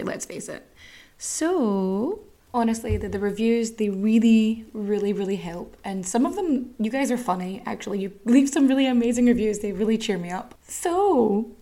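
An Irish woman hosts a podcast, chatting casually and candidly while swearing freely. Her voice is mellow and medium in pitch.

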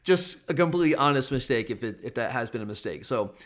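A man's voice: mid-range voice, animated, fast talker, a bit bright. A man hosting a casual sports betting podcast, teasing his co-host and rambling with frequent restarts.

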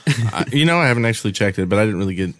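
A man co-hosting a casual gaming podcast, chiming in with quick jokes. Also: fairly low pitch, expressive, a bit bright. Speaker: podcast co-host. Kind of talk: casual chat.

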